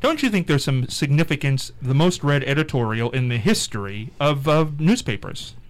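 A man's voice: a little high, normal speed. A man hosting a casual radio chat, playful and teasing as he tells stories and quizzes his co-hosts. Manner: playful, teasing, lively storyteller. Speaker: radio host.

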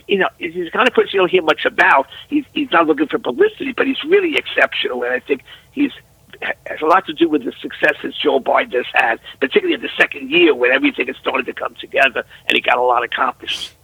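A man's voice: medium pitch, gravelly, sharp tone, breathy edge, no room sound, low-quality recording. An older man talking as a guest commentator on a radio show, earnest and rambling, his voice jumping up when he stresses a point. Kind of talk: phone-in radio talk.

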